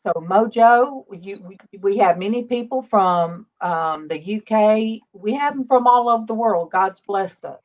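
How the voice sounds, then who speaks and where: A woman's voice: medium pitch, lively intonation, a little slow, few pauses. A woman in her fifties hosting a casual faith livestream, chatty and greeting viewers by name. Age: 50s. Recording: dull lo-fi stream audio.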